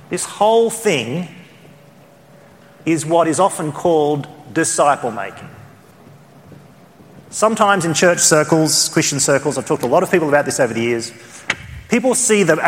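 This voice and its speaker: An Australian man teaching a church group, his fairly high voice jumping up with emphasis. He talks conversationally, rephrasing as he goes. The sound carries a long hall reverb. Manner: conversational, animated pitch jumps. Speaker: church trainer. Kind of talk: teaching session.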